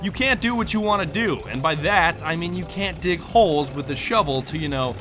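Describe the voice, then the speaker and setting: A man's voice: a little high, fairly quick. A man doing sarcastic, joking scripted voice-over for a game review. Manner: sarcastic, deadpan jokey. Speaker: gaming YouTuber. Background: background music.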